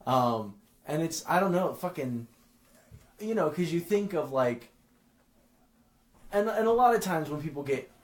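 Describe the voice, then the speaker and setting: A man's voice: fairly high pitch, lively intonation, a little slow, long pauses, reverberant. A man who is a podcast guest, chatting casually in a rambling way, full of "like" and restarts. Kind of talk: casual chat.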